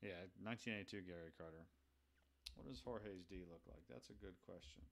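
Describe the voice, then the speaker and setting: A man chats casually while playing a baseball video game live, thinking out loud as he goes. He keeps turning to his viewers to ask for their advice, in an easy, conversational way. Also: low-pitched, fairly quick, gravelly, a little hiss or hum. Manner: thinks aloud, chatty, asks the viewers for advice.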